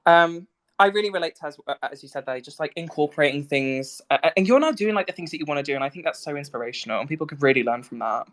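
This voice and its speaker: Low-voiced British woman, chatty moderator. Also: lively intonation, fast talker. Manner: chatty, giggly, many fillers. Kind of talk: casual live audio chat. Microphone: remote audio call mic.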